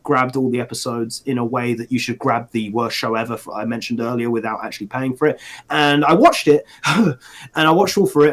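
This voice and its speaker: A man co-hosting a casual podcast chat, ranting sarcastically with restarts and laughs. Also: medium pitch. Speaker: podcast co-host.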